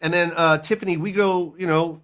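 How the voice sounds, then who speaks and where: Animated, laughing male comedian guest. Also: on the high side. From United States. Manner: animated, laughs often, fast storytelling asides. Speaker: interview guest, comedian promoting a film. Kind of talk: casual interview chat.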